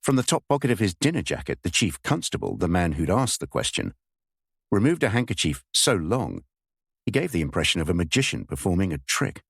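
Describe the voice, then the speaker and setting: A man reading a thriller aloud in measured, expressive scripted narration. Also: sits low, creaky, slightly rough, no echo, studio quality. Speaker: audiobook narrator.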